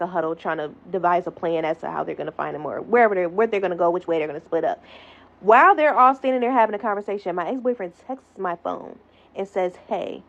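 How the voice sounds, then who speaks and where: A young woman telling a wild storytime in an animated, profane manner, acting out the voices she quotes. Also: fairly low pitch. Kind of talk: storytime monologue. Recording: slightly dull lo-fi audio.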